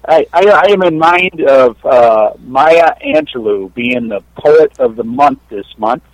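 A man calling in to a show to read a poem, speaking in a deliberate, courteous way. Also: mid-range voice. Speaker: caller reading a poem. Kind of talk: poetry reading and chat. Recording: dry phone line.

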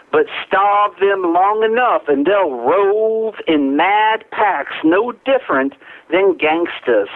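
A man on a phone line reciting a poem as a brooding Southern man, in a Southern accent, with a slow, drawn-out delivery. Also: sits high, voice pushed up. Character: brooding Southern man orating over bourbon. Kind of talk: poetry recital.

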